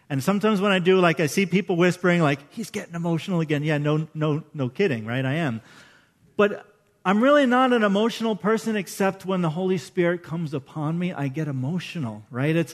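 A man in his fifties preaching a sermon as pastor, chatty and emotional, often putting questions to the congregation. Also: high voice.

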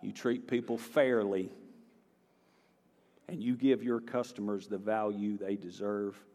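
A man's voice: fairly low pitch, level tone, measured pace, mellow. A man with a Southern American accent, preaching a sermon from the pulpit in a folksy, conversational way that rises into emphatic bursts. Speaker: pastor. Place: church sanctuary. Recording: reverberant church hall with faint guitar.

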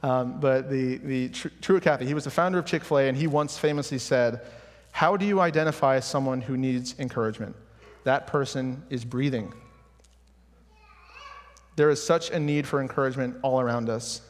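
A man's voice: medium pitch, normal speed. Young guy preaching a sermon, earnest and personal, church hall reverb.

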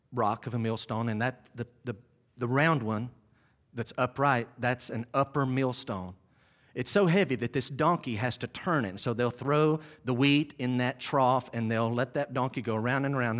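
Man preaching in an echoing hall. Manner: swings from low, quiet teaching to loud, high, dramatic storytelling. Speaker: pastor. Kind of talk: sermon.

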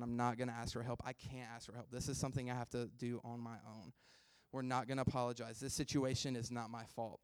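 A man's voice: medium pitch, clean tone, dry recording. A man in his twenties giving a casual, self-deprecating sermon and chatting easily with his listeners. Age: 20s.

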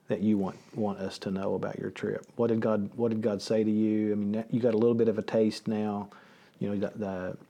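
A man's voice: lowish voice, mellow. A man, a pastor, hosting a casual conversation, joking around and asking lots of questions. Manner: joking, asks many questions.

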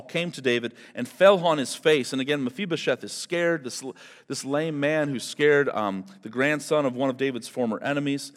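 A man preaching a sermon as pastor, in an animated, conversational way, often turning to people in the congregation. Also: medium pitch. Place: church hall. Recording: long hall reverb.

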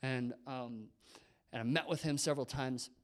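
A young man, a youth pastor, telling a personal faith story, animated, whispering when he quotes people and laughing at himself. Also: medium pitch, moderate pace.

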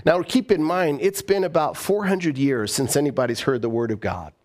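A man's voice: fairly high pitch, normal speed, darkish tone. A man preaching a sermon as pastor, emphatic and repeating key phrases for weight.

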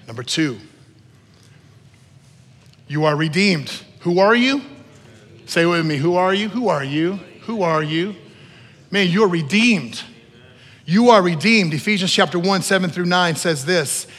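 A man preaching a sermon as pastor to a congregation, repeating key phrases and building to loud emphatic peaks. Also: high-pitched, animated, a little slow, long pauses. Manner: repeats phrases for emphasis, asks the room to respond. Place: church hall with long reverb. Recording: echoey church hall.

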